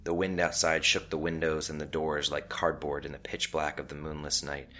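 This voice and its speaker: A man narrating a scripted story in a calm, measured way. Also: a bass voice.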